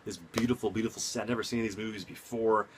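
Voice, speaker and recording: A young man, casually reviewing movies at home, rambling and excitable with lots of side notes. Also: on the low side, quick pace, slight background noise. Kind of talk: casual enthusiastic vlog. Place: home room.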